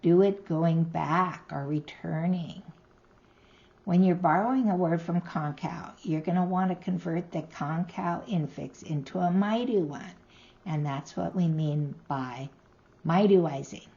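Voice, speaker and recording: A woman teaching a recorded language lesson, speaking slowly and carefully and sounding out each word. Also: on the low side, mellow, dull audio. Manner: slow, careful, sounding out words.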